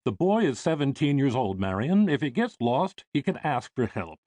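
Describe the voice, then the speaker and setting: A man's voice: medium pitch, very animated, moderate pace, darkish tone, dry recording, voice pushed up, lightly acted. A man voicing a good-humored, easygoing wealthy father reassuring his wife. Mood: jovial. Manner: jovial, reassuring.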